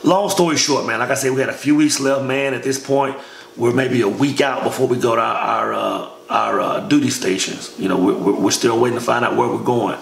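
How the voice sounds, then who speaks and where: A man with a brisk, creaky, medium-pitched voice tells a drawn-out, slangy story of his army training. Relaxed throughout, he says "man" constantly, and the room sounds echoey with faint noise.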